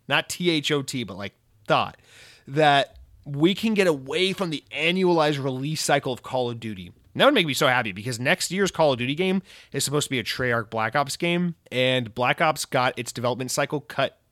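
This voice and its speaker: A young man who rants about video games in a casual, rambling, profane and excitable way. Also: medium pitch, moderate pace, no echo, clean studio sound. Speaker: gaming commentator. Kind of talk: casual rant.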